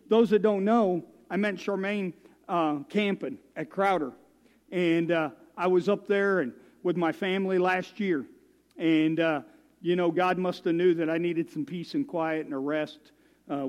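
Guy preaching in a church, high voice, folksy and joking on himself, long hall echo. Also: a little mellow. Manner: folksy, self-deprecating storytelling. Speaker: guest preacher. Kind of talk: sermon.

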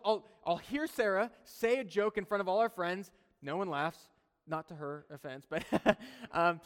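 Male preacher, higher register, casual conversational sermon delivery, long hall reverb. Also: fairly bright tone. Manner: conversational, chuckling asides.

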